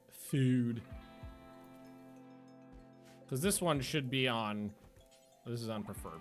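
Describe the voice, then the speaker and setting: A man's voice: medium pitch, fairly bright tone. A man streaming a game, chatting casually in a rambling way, often stopping himself mid-sentence and laughing at his own stories. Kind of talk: casual gameplay livestream chat.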